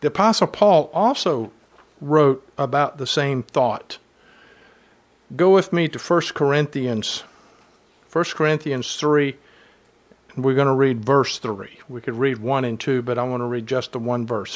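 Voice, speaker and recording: A man's voice: medium pitch, a little slow. A man preaching a sermon to his congregation, reading scripture aloud and driving home points with earnest emphasis.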